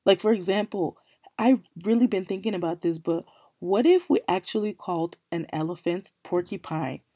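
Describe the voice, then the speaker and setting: A woman's voice: fairly low pitch, expressive, normal speed, dark tone, no echo, studio quality. A woman hosting a casual solo podcast, English not her first language, rambling through puzzled questions with many fillers. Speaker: podcast host.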